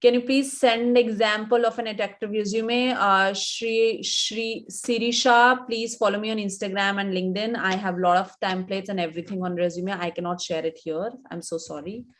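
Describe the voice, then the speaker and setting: A woman's voice: mid-range voice, little pitch movement, normal speed, hardly any pauses. A woman with an Indian English accent, an image coach in her thirties, giving instructive advice in a live webinar and repeating her points for emphasis.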